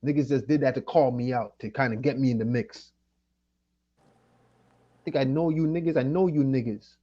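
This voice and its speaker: Speaking at a moderate pace in a mellow, medium-pitched voice, this Jamaican channel host rants on a livestream. He's tipsy on liquor and weed, annoyed, swearing and going over the same points again and again, all captured on a muffled recording.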